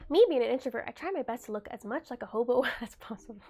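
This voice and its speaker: Young woman streamer, slightly higher voice, easygoing chat with viewers, a little under the weather. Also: lively intonation, fast, darkish tone. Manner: chatty, reads and answers chat aloud. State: getting over a cold. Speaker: livestreamer. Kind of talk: casual livestream chat.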